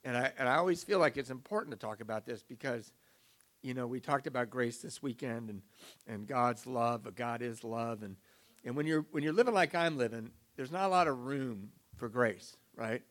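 A man's voice: medium pitch, moderate pace, a bit bright. A middle-aged man giving a confessional, emotional, self-mocking personal testimony as a recovery speaker.

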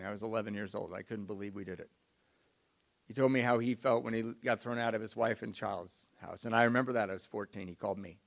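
Gravelly middle-aged guy telling his recovery story, raw and emotional, pokes fun at himself. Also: on the low side. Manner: confessional, emotional, self-mocking. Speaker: recovery speaker. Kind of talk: personal testimony talk.

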